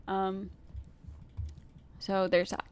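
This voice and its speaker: A woman with a stuffy nose reading viewer comments aloud and giving her own measured replies, with fillers and pauses. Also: mid-range voice, completely flat delivery, darkish tone, clear, resonant tone. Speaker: commentary video host.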